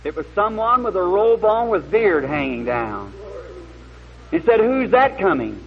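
A man's voice: high voice, lively intonation, a little slow, vocal fry. A man preaching a sermon, telling a story in a folksy, plain-spoken way and building to earnest emphasis. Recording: muffled lo-fi old recording.

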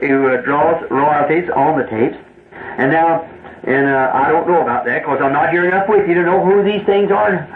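Earnest rambling preacher on old tape. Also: male voice, a little high. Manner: earnest, rambling, repeats himself, folksy grammar. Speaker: preacher addressing church trustees. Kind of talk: informal church address. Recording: tinny, roomy old tape recording with hiss.

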